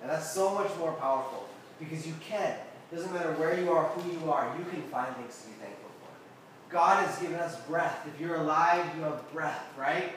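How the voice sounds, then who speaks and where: A man's voice: on the high side, moderate pace, a bit bright, slight background noise. A man giving a casual, interactive sermon to a youth group, constantly checking in with his listeners. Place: air-conditioned room with a group. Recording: very echoey room, mic far off.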